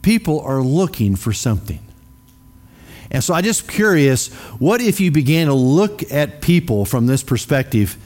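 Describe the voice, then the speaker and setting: A man's voice: medium pitch, very animated, moderate pace, a little mellow. A man preaching a sermon in a casual, conversational way, often putting questions to the congregation. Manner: many fillers and restarts. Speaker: pastor.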